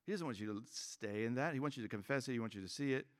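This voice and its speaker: A man's voice: mid-range voice, racing. A man preaching a sermon as pastor, conversational and joking, acting out quoted voices.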